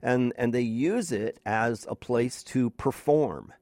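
A man's voice: slow pace, dry recording, clean studio sound. A man hosting a call-in radio talk show, talking emphatically and repeating himself. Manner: emphatic, repeats himself, self-described loud booming voice.

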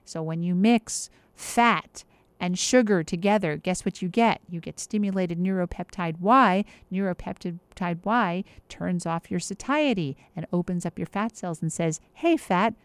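A woman's voice: lowish voice, a little slow, no echo. A woman giving casual health advice in an emphatic, chatty way, with many fillers and restarts.

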